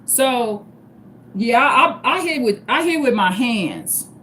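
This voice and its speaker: A middle-aged woman hosts her own livestream, speaking bluntly and swearing often. Her voice sits somewhat high and she keeps turning to her viewers as y'all. A faint background hiss runs under the recording. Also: lively intonation, takes it slowly, fairly bright tone. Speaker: livestream host. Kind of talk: unscripted livestream talk.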